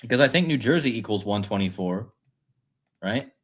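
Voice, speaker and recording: A man's voice: fairly low pitch, animated, moderate pace, a bit bright. Man musing aloud on a livestream. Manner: rambling, musing aloud, reads chat comments. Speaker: livestream host. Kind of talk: casual livestream talk.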